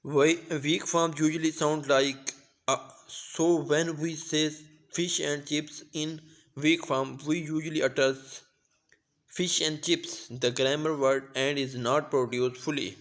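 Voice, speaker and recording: A young man from Pakistan giving a class presentation on pronunciation, speaking slowly and carefully, with occasional restarts. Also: on the high side, little pitch movement. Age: young adult. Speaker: student presenter.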